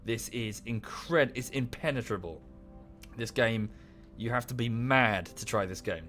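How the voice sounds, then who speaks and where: A man's voice: medium pitch, measured pace, fairly bright tone. Man, 30s, game streamer, rambling rant, close mic, faint music behind. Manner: rambling, ranting. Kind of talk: casual live-stream chat. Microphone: close to the microphone.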